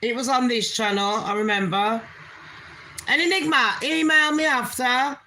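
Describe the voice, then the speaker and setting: A woman's voice: a little high, steady tone, normal speed, sharp tone, slight background noise. A woman hosting her own channel, ranting bluntly in casual commentary and swearing heavily with open scorn. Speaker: channel host.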